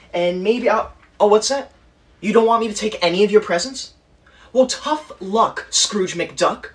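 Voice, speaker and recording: A man's voice: high voice, a bit bright, breathy edge, full character voice. A man playing a bossy, self-righteous schoolkid, a teacher's pet who lectures others and threatens to tell the teacher. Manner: preachy, whiny, quick to threaten to tell the teacher. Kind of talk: comedy sketch acting.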